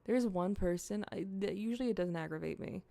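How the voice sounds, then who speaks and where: Young woman streamer, loose rambling chat, cusses a lot, gravelly fry in the voice. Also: mid-range voice, fairly quick, warm tone, no echo. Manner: chatty, rambling, swears freely, talks to chat. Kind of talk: casual livestream chat, eating on camera.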